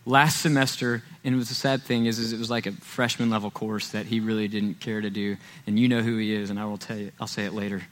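A man's voice: fairly low pitch, level tone, fast talker, few pauses, a bit bright. A man preaching a sermon as pastor, telling stories in a conversational way and often checking in with "right?". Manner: conversational storytelling, frequent "right?" asides.

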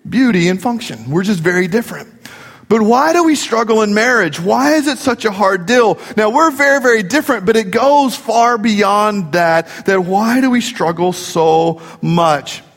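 A man's voice: high-pitched, expressive, normal speed, fairly bright tone. A middle-aged man preaching a sermon, joking and telling family stories as a pastor. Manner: jokey, storytelling preacher. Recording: long reverb of a large hall.

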